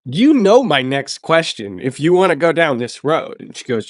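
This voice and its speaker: A podcast host recounts his travel story in a casual interview, emphatic and enthusiastic, often repeating words for stress. His voice is a little high with big pitch swings, at a moderate pace with few pauses. The recording is dry and studio-clean.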